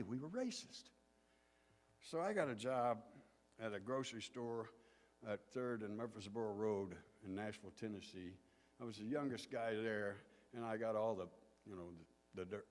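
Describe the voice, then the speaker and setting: A man from southern Indiana, a pastor telling stories in a sermon in a folksy, unhurried way. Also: mid-range voice. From southern Indiana, USA. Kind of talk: sermon storytelling. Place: church sanctuary. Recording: long hall reverb.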